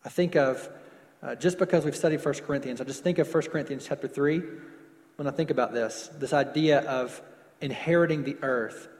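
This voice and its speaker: A man preaching a sermon, stretching words for emphasis and dropping to softer closing lines. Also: a little high, big-room sound. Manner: preaching with slowed emphasis and falling soft endings. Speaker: pastor.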